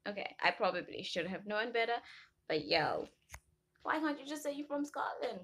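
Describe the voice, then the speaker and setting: A young woman from Africa, chatting casually to camera and telling animated stories full of tangents and laughter. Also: on the high side, moderate pace, slight background noise. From South Africa. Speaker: vlogger.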